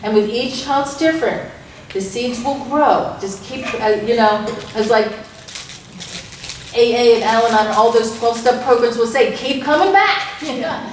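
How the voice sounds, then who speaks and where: A woman's voice: fairly high pitch, fairly even intonation, moderate pace, a little hiss or hum. A woman leading a parent information night, talking earnestly and rambling with restarts. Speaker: program leader. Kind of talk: presentation to parents. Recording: echoey room from far off.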